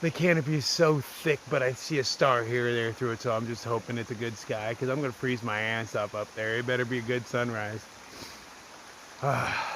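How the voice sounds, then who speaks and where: A man's voice: mid-range voice, fairly even intonation, normal speed, a bit bright, a little hiss or hum. Blunt, profane man hiking a mountain. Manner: blunt, profane, self-mocking storyteller. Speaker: solo thru-hiker vlogger. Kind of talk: casual vlog talk to camera. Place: outdoors on a wooded mountain trail.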